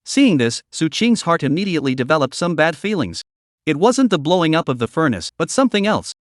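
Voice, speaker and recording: A text-to-speech male voice narrating a story recap with an even, machine-like reading. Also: fairly high pitch, brisk, no echo, clean studio sound.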